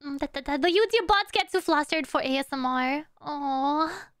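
A woman's voice: sits high, moderate pace, a bit bright, no echo, studio quality. A woman streamer chatting casually and playfully with her audience, humming little tunes between thoughts and teasing her chat.

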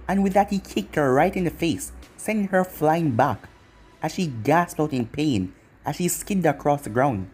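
Brief: storyteller with a husky voice and animated pitch, reading fan fiction. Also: moderate pace, faint music behind. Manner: plain storytelling with lively pitch. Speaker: narrator.

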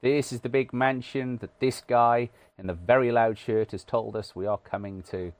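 A man's voice: mid-range voice, normal speed, no echo. A British man from the UK giving casual, wry commentary over a video game, self-deprecating and full of "uh" fillers. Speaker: gaming channel host.

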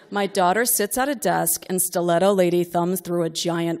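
A woman's voice: on the low side, fairly even intonation, moderate pace, hardly any pauses, a little mellow. Wry woman reading a comic story aloud. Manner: wry, exasperated, building to outbursts.

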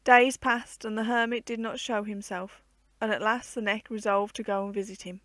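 A woman narrating an old fairy tale aloud in a measured, clear storybook reading. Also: medium pitch, level tone, a bit bright, no echo.

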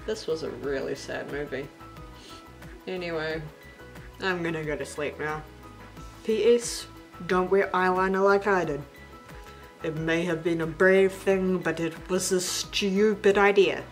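A woman's voice: fairly low pitch, a little slow, pauses often. Chatty young woman vlogging a movie review. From New Zealand. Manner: chatty, bubbly, playful asides. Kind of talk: casual movie review vlog. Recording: faint background music.

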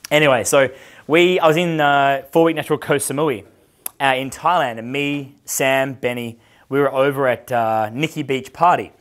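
A man's voice: medium pitch, normal speed, fairly bright tone. A man working as a dating coach, telling casual stories in a brash, profane way, laughing often and acting out the voices of the people in his stories. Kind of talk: casual storytelling chat.

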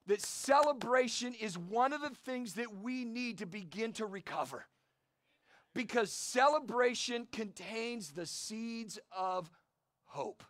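High-voiced energetic male preacher outdoors. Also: no echo. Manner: energetic storytelling preacher, calls for amens. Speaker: pastor. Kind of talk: sermon. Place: outdoor church service.

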